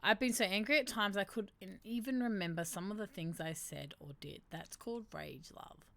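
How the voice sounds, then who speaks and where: A woman's voice: medium pitch, moderate pace, gravelly, sharp tone. A woman hosting a casual livestream, reading quiz statements aloud and adding wry asides to her viewers. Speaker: livestream host.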